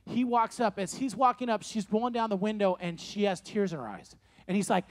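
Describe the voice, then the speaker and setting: High-voiced man in his forties preaching. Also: brisk. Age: 40s. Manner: animated storytelling, repeats key phrases. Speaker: youth pastor. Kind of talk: sermon to young people. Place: room with a live audience.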